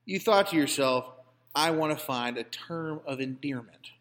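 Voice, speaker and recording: A man's voice: on the high side, moderate pace, fairly bright tone. A man co-hosting a comedic banter show, telling stories in a playfully pompous, mock-grand manner. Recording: long hall reverb.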